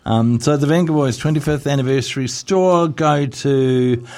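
A man's voice: mid-range voice, moderate pace, darkish tone. Giggly New man reading showbiz news. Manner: giggly, chatty, stumbles over words while reading. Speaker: radio host. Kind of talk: casual radio chat reading entertainment news.

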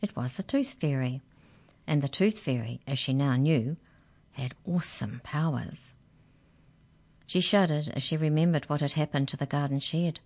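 A woman with a low-pitched voice reads a children's story aloud. Her narration is expressive and gently dramatic.

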